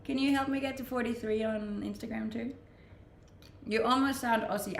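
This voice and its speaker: A young Scandinavian woman streams from an echoey room on the Gold Coast, Australia, playfully chatting with viewers, reading out their messages and laughing often. Her first language is Scandinavian and she has a Scandinavian accent. Her voice is fairly high, steady and gravelly at a moderate pace, with a little hiss or hum.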